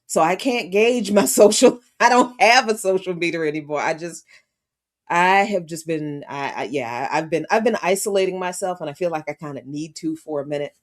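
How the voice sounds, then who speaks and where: A woman's voice: fairly low pitch, moderate pace. A woman co-hosting a morning talk show, chuckling and restarting her sentences as she chats. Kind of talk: casual radio banter.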